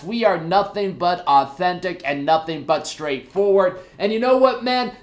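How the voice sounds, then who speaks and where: A young man hosting a casual podcast to camera, energetic and jokey as he chats with his viewers. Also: sits high. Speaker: podcast host. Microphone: camera mic.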